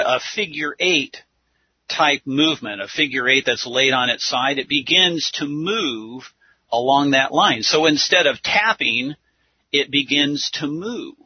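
A man's voice: medium pitch, breathy edge, no echo. A man giving a religious teaching talk, explaining step by step and counting things out, on a dull lo-fi recording. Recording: dull lo-fi sound.

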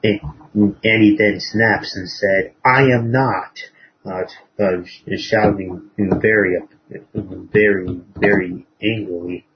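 A man preaching, retelling a moral story in a halting way with many fillers and restarts. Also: sits low, little pitch movement, a little hiss or hum. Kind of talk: sermon storytelling. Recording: dull lo-fi recording.

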